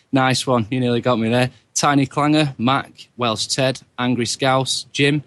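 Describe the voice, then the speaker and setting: A man co-hosting an internet radio show, working through a long list of names at a steady pace. His voice is mid-pitched and calm. He stays relaxed throughout. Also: takes it slowly. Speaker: radio co-host. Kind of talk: reading out chat room names.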